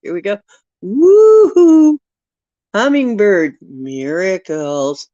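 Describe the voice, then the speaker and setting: A woman's voice: on the low side, expressive, darkish tone, no echo. Woman, casual live stream chat, playful, laughs at herself, dry muffled lo-fi sound. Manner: playful, laughs at herself, reads card texts slowly. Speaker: live stream host reading oracle cards. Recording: dull lo-fi recording.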